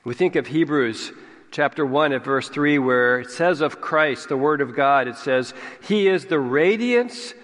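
A man preaching a sermon, slow and deliberate, stressing key words. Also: medium pitch, fairly even intonation, fairly bright tone. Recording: long hall reverb.

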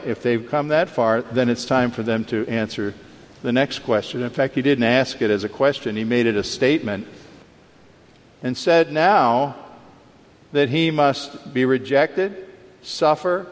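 A man preaching a sermon, emphatic, rising sharply in pitch when he acts out quoted lines. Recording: long reverb of a large hall.

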